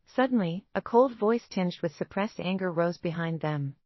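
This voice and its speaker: A woman giving scripted romance narration in an even, steady reading. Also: on the low side, normal speed, hardly any pauses, no room sound, dull audio.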